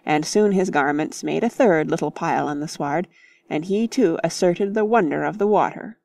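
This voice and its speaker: A woman narrating a classic novel in measured, lively storytelling. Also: deep voice, vocal fry, dry recording. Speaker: audiobook narrator.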